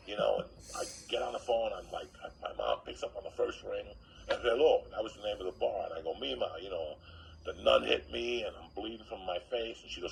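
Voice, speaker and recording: A man telling a profane comic story in a loud, animated way, acting out other people's lines. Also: on the low side, fast, slight background noise, poor audio. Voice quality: gravelly.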